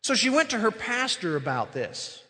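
A man's voice: high-pitched, big pitch swings, normal speed, sharp tone, big-room sound. A man preaching a sermon as pastor, earnest and emphatic, stretching out key phrases.

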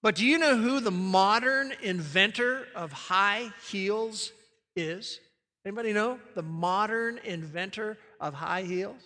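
A man's voice: high voice, measured pace, sharp tone. A man preaching a sermon to a congregation, emphatic, shifting his pace and asking the people questions. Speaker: pastor. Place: church sanctuary. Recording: reverberant church hall.

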